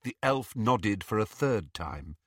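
A man narrating an audiobook in an expressive, measured way. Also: fairly low pitch, no echo, clean studio sound.

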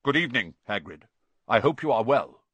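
A man's voice: medium pitch, big pitch swings, a little fast, fairly bright tone, breathy edge, no echo. A man doing Bane, an aloof wild centaur. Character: wild black-haired male centaur, aloof.

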